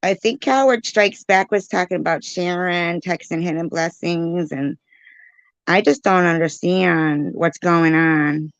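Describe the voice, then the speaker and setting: A woman talks slowly to her livestream chat in a low, gravelly voice. She sounds confused and keeps pleading with her viewers, laughing often. The audio is dry and a little muffled. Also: no room sound. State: dry mouth. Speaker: livestream host reading live chat.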